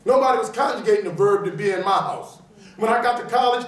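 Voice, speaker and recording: A man's voice: high-pitched, quick pace. A man from New Orleans with a New Orleans accent, giving a motivational keynote speech and acting out the people in his stories. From New Orleans, USA. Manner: animated storyteller acting out characters. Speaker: motivational speaker. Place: large auditorium. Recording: echoey auditorium from far off.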